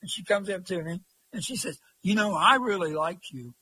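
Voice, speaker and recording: High-voiced rambling folksy man. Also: expressive, normal speed, sharp tone, husky, low-quality recording. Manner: rambling, folksy, many fillers. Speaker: interview guest, long-distance walker. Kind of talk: casual storytelling.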